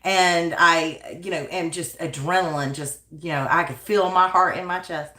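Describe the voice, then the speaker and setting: A woman hosting a livestream, telling a story to her viewers in a casual, animated way, laughing often and using lots of "like" and "you know.". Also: fairly low pitch, moderate pace, roomy sound. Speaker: livestream host of a yarn channel.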